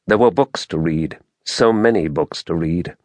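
A man narrating a fantasy audiobook in a measured, dramatic storytelling manner, recorded close to the mic. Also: sits low, no echo.

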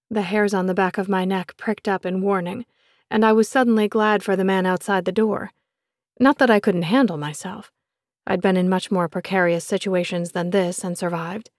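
A woman narrating a first-person romance novel in a measured, expressive reading voice on a close studio mic. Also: mid-range voice, no echo. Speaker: audiobook narrator.

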